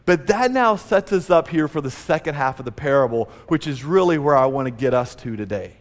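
A man's voice: a little high, expressive, brisk, big-room sound. A man preaching a sermon, earnest and building emphasis as he retells a story. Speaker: pastor.

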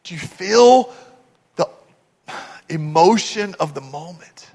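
A man's voice: high voice, lively intonation, slow pace, mellow, slightly rough, long reverb tail. A man from Texas preaching a sermon, telling stories with animation and putting questions to the congregation. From Texas, USA. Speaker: pastor.

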